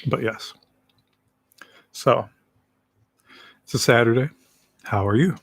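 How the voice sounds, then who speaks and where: A man's voice: mid-range voice, slow pace, fairly bright tone, no room sound. A man chatting casually on a livestream, rambling in a laid-back way and laughing easily.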